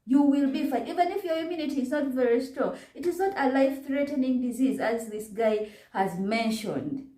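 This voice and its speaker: A woman's voice: high voice, normal speed, mellow. A woman with a Ugandan English accent giving an indignant reaction commentary, full of rhetorical questions. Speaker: vlogger. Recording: echoey room.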